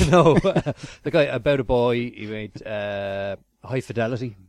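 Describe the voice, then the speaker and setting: A man's voice: mid-range voice, slow, darkish tone, no echo. A man hosting a casual film review podcast, rambling with fillers and restarts and laughing easily. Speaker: podcast host.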